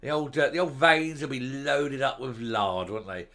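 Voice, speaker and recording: A middle-aged man vents furious political commentary straight to camera. His voice is bright and forceful, and he breaks into loud, mocking outbursts between stretches of seething talk. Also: mid-range voice, moderate pace. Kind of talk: angry ranting commentary.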